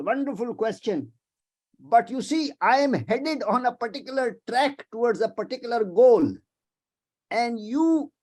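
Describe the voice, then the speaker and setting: Man, high voice, professor, webinar lecture, emphatic, digressive, video call. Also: darkish tone. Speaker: professor giving a guest lecture.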